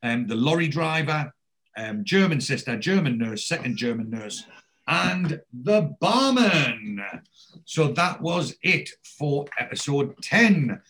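A podcast host whose voice is a little high speaks slowly while casually recapping a TV episode. He plays the storyteller with energy, acting out the characters' quoted lines.

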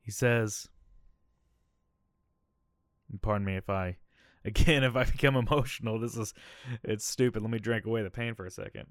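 Male podcast host, about thirty, candid and rambling as he tells a personal story, slightly low voice, dry sound. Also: normal speed, pauses often, no echo. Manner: candid, rambling, keeps adding "all right?" and "okay?".

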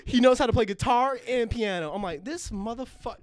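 A man's voice: very high voice, fairly quick. A man co-hosting a podcast, telling a story in casual chat, swearing freely and laughing often. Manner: profane, animated, laughs often. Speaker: podcast co-host.

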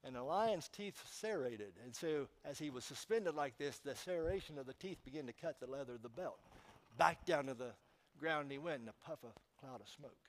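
A man's voice: fairly high pitch, lively intonation, normal speed, hardly any pauses. A man preaching a sermon to his congregation, telling a story and putting questions to his listeners. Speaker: pastor.

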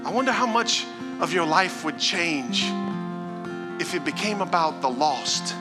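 A man preaching a sermon as pastor, piling up rhetorical questions and moving between loud exhortation and hushed talk. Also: a little high, animated, measured pace, over loud music. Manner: rhetorical, building "what if" questions.

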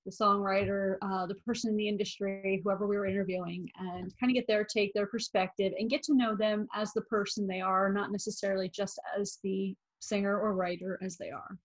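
An American woman co-host speaks as a guest in a calm, thoughtful way. Her voice sits at an ordinary middle pitch. She sounds like she is in an easygoing conversation. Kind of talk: casual interview chat.

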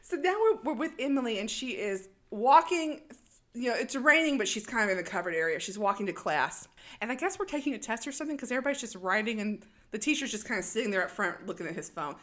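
Woman, podcast co-host, slightly high pitch, animated storyteller, casual recap. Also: fast. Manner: animated storytelling, acts out characters' lines. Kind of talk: casual movie recap chat.

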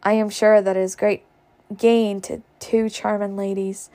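A courtly gentleman with a mocking, overly polite manner, as a woman reading aloud puts him on. The delivery is gravelly and measured. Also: mid-range voice, level tone, close to an everyday voice. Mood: mock-courteous. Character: smooth mocking gentleman blockade runner.

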